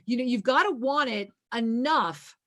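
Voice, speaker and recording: Radio host, female, fairly high voice, emphatic spiritual chat, repeats her points. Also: moderate pace, fairly bright tone. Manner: emphatic, repeats phrases, laughs often.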